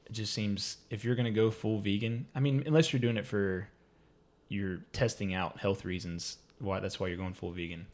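Low-voiced man, easygoing podcast guest. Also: steady tone, moderate pace, darkish tone. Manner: easygoing, giggly, self-deprecating. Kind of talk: casual chat.

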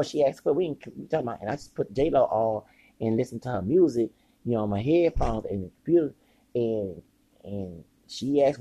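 A podcast host tells a long, meandering story packed with profanity, animatedly acting out quoted dialogue. His voice is a little high, gravelly and breathy, with no echo.

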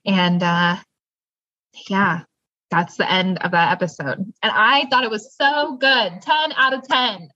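A woman co-hosting a podcast, retelling a TV episode in lively, casual chat and laughing easily. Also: medium pitch, no room sound. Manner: lively storyteller, quick laughs. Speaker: podcast co-host. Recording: dull lo-fi dry sound.

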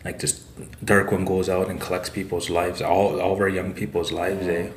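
A man's voice: low voice, level tone, normal speed, a little hiss or hum. Rambling man in an echoey room. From Saskatchewan, Canada. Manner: rambling, tag "eh" and "like" fillers. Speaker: podcast guest, author. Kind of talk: casual storytelling. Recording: roomy echo.

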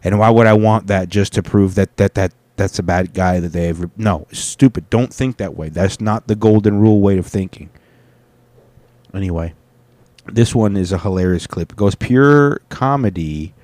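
A man whose mellow voice sits low talks at a moderate pace with fairly even intonation and no room sound. As host of a casual clip-reaction show, he rambles, swears, and restarts his sentences often.

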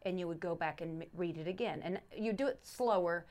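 A woman's voice: on the low side, fairly quick, a little mellow. A middle-aged woman, a pastor's wife co-hosting a faith podcast, explaining a Bible study method earnestly, with many restarts and repeated verses. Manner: earnest, restarts often, repeats scripture with stress on each word. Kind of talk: casual faith podcast teaching.

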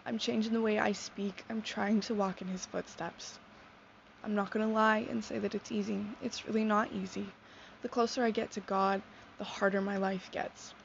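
A young woman in her teens sharing a personal faith testimony in a sincere, soft-spoken, reflective way. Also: medium pitch, little pitch movement, normal speed, creaky. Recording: dull lo-fi sound with faint noise.

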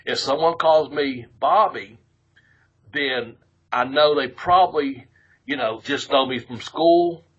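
A man's voice: mid-range voice, slow, breathy edge, lo-fi sound. A man co-hosting a podcast in casual chat, rambling and profane, laughing often. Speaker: podcast co-host.

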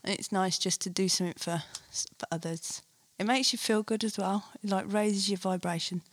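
A woman's voice: medium pitch, fairly even intonation, dry recording. A woman co-hosting a podcast in casual, giggly chat. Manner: chatty, giggly, quick asides. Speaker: podcast co-host.

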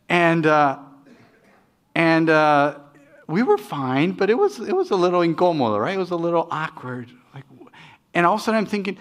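A man's voice: fairly high pitch, very animated, moderate pace, pauses often, a bit bright. A middle-aged man preaching as pastor, talking in a conversational, self-deprecating way with frequent restarts. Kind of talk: sermon with personal stories.

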